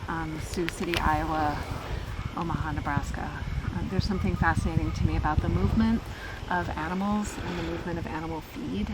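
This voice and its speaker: A woman's voice: low voice, fairly even intonation, fairly quick. A woman artist hosting a roadside meal, talking thoughtfully outdoors. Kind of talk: reflective talk. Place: outdoors beside a highway. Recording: loud traffic noise, distant mic.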